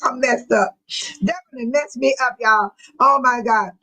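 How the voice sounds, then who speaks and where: A woman's voice: on the high side, normal speed, low-quality recording. Laughing grandmother chatting on a livestream. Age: older. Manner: laughs often, animated and teasing. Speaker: livestream host. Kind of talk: casual livestream chat reading viewer comments.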